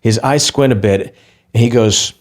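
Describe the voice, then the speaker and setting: A man, a guest comedian, telling a story in lively podcast chat, restarting quickly and acting out quotes. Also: mid-range voice.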